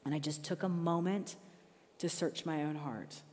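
A middle-aged woman with a slightly low voice tells personal stories in a Christian talk, breaking into lively retellings of her arguments. Her voice rings out with the long reverb of a large hall. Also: normal speed. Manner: conversational, animated retellings of her own arguments. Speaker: Christian speaker.

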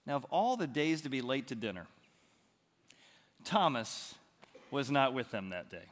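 A man preaching a sermon as pastor, telling the story dramatically with big swings in loudness. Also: medium pitch, sing-song, unhurried, long reverb tail. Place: church hall.

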